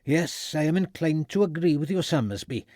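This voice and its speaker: A man's voice: a little high, expressive, normal speed, darkish tone, no echo, voice pushed up, close to an everyday voice. A self-important elderly town doctor with a strong Welsh lilt in a period mystery audiobook, as a narrator puts him on. His voice sits raised and stiff, and every line sounds certain of his own standing. The recording is dry and close. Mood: pompous. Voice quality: pronounced Welsh accent.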